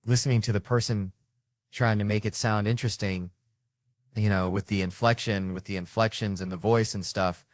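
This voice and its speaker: A man's voice: on the low side, normal speed, dry recording, studio quality. A man telling profane, rambling comic stories in a casual podcast chat. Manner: profane, rambling, animated anecdotes. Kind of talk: casual comedic storytelling.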